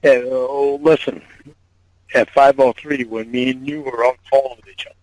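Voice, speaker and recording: A man's voice: mid-range voice, fairly even intonation, normal speed, a little mellow, no room sound. A man on a phone call, agitated, swearing often and repeating himself.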